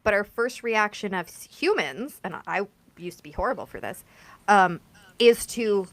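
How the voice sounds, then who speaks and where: A woman's voice: medium pitch, animated, measured pace, no room sound. A woman hosting a podcast who chats casually and tells side stories, acting out bits of dialogue. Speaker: podcast host. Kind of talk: casual interview chat.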